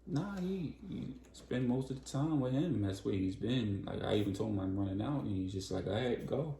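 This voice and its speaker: A man's voice: lowish voice, animated, moderate pace, dark tone, echoey room. A man casually recapping a story, in loose, slangy conversational talk.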